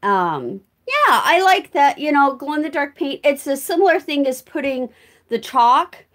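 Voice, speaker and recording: An older woman talks unhurriedly as she moves around her house, chatting to viewers and to her cats. Her voice sits a little high for a woman, and she takes her time with each thought, with plenty of friendly ums along the way. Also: sing-song, unhurried. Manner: chatty, warm toward her cats, answers viewer comments. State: winded from walking. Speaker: vlogger. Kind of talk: casual live-stream chat while doing chores. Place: her home, moving between rooms.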